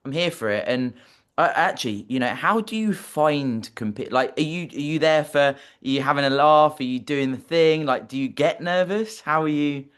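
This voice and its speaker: A man's voice: fairly high pitch, expressive, normal speed, fairly bright tone, smooth. A man hosting a podcast, talking casually with swearing and tumbling, half-finished questions. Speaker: podcast host.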